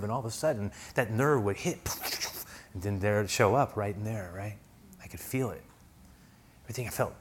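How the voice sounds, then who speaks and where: A middle-aged man preaching a sermon as pastor, earnest, moving from hushed lines to loud pleading ones. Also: mid-range voice.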